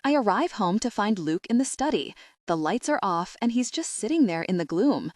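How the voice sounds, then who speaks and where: A woman narrating a comic novel in the first person, expressive and animated. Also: medium pitch, moderate pace, no room sound, clean studio sound. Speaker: audiobook narrator.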